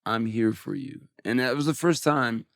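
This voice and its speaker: A man's voice: medium pitch, moderate pace, fairly bright tone, no room sound, studio quality. A man in his forties, a musician guest on an interview podcast, telling a personal story candidly and emotionally, with some swearing.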